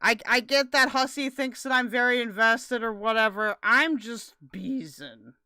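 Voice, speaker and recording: A woman's voice: fairly high pitch, measured pace, bright, forceful tone, clear, resonant tone, no echo, studio quality. A woman streamer chatting casually and bluntly, cursing as she sets up a video. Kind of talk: casual livestream chat.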